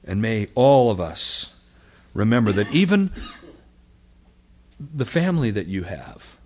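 A man's voice: lowish voice, unhurried. A man preaching a sermon, reading scripture aloud and acting out the voices of the people and of God. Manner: animated, acts out quotes of the people and God. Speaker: pastor.

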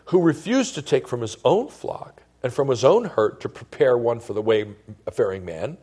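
A pastor in the pulpit with a husky, slightly breathy voice at a middling pitch. He talks to his listeners like friends, telling a story and asking them questions. His volume rises sharply for emphasis, then drops to near hush. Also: animated, moderate pace. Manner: conversational preaching, swings between loud emphasis and hushed tones. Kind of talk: sermon.

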